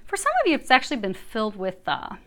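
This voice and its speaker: A woman giving a casual angel card reading to her viewers, chatty and animated, swinging from quiet asides to emphatic bursts. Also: mid-range voice, fast talker.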